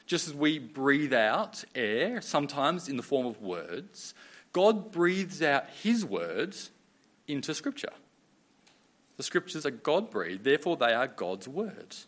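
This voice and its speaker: A man's voice: medium pitch, very animated, slow, fairly bright tone. A man in his thirties from Australia, preaching a sermon in a conversational storytelling way. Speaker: pastor.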